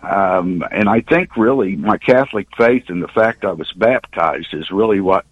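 A man in his sixties from Oklahoma, a radio caller telling a long story in an earnest, rambling way with halting restarts. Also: sits low, breathy edge, no echo. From Oklahoma, USA. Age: 60s. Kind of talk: call-in storytelling. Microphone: telephone. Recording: dull lo-fi phone line.

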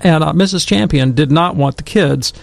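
A man's voice: a little high, normal speed, gravelly. A middle-aged man, a Catholic commentator, telling a childhood story with acted-out quotes and then discussing scripture in a casual talk. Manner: animated storyteller who acts out quotes.

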